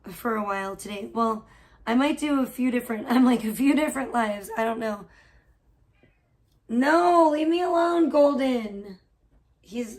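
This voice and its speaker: A woman chats to her livestream viewers from her home, her voice sitting a touch high. She gossips loosely and swears often, breaking off now and then to scold her cat. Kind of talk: casual livestream chat. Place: at home indoors.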